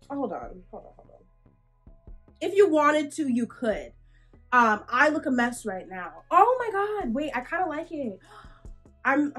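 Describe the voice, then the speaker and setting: A sassy young woman with a fairly high voice chats through a clothing try-on. She talks bluntly and playfully, calling her viewers sweetie, and sounds hot and a bit out of breath. Soft music plays faintly underneath. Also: slightly rough, low-quality recording. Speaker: fashion vlogger. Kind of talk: try-on haul chat.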